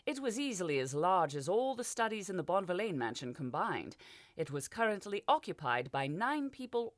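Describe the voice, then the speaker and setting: A woman reads a fantasy audiobook with expressive storytelling. Her voice is on the low side but moves a lot in pitch. The sound is dry and close, with no room. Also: no room sound. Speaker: audiobook narrator. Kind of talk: scripted audiobook narration.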